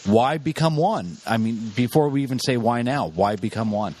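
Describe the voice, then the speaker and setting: A man's voice: mid-range voice, animated, normal speed, a little mellow. A man hosting a podcast, chatting casually and asking his guests questions. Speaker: podcast host.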